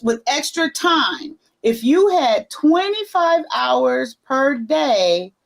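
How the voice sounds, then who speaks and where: A woman with a high, very lively voice hosts a casual livestream chat with several guests. She is playful and teasing, often breaking into laughter. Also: low-quality recording. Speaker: livestream host.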